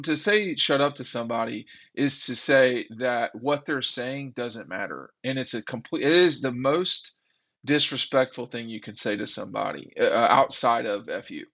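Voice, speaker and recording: Guy ranting about football, bright forceful voice, kinda dull lo-fi sound. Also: mid-range voice, expressive, normal speed, gravelly. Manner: opinionated, rambling, exasperated. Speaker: sports commentary host. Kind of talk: casual opinion monologue. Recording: dull lo-fi audio.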